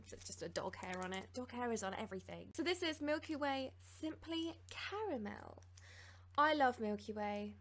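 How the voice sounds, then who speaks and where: A woman hosting a casual taste-test vlog, bubbly and excitable, gasping and giggling. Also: medium pitch, a little hiss or hum. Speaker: YouTuber.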